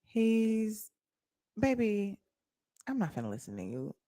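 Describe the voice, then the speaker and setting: A woman's voice: mid-range voice, sing-song, slow, warm tone, no room sound, clean studio sound. A young woman with an African American Vernacular English accent, hosting a casual livestream and talking back to her chat in a sassy way. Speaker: livestream host.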